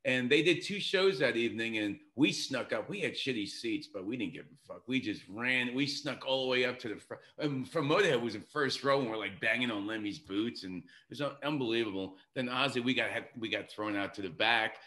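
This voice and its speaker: Bright-voiced New man telling a wild story. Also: medium pitch, brisk, few pauses. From New York City. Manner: excited, profane, rambling anecdote. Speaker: guest musician. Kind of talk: casual storytelling on a podcast.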